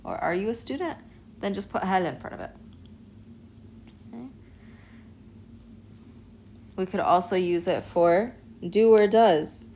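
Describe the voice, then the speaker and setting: A woman teaching an Arabic alphabet lesson, explaining and demonstrating sounds in a patient, clear way. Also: medium pitch, takes it slowly, long pauses, warm tone, slight background noise, poor audio. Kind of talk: recorded online lesson.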